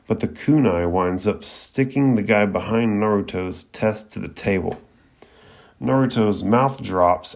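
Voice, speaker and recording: A man's voice: lowish voice, vocal fry. A man hosting a podcast, recapping an anime episode in a chatty, slangy way full of fillers.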